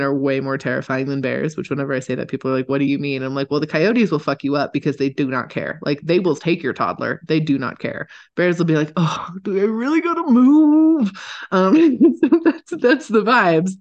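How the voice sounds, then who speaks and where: A woman co-hosting a podcast, telling stories in a lively, casual way and swearing freely. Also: extremely low pitch, dull audio. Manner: animated, chatty, swears casually, laughs often. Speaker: podcast co-host. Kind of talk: casual storytelling chat.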